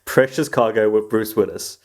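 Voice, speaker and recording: A man's voice: on the low side, normal speed, darkish tone. A man co-hosting a casual podcast chat, rambling through stories and laughing often. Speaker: podcast co-host.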